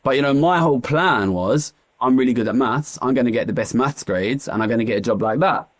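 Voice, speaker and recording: A man's voice: medium pitch, a little fast. A man with an East London accent, speaking as an economist guest in an interview, talking passionately and repeating phrases for emphasis. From East London, England. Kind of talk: candid interview talk.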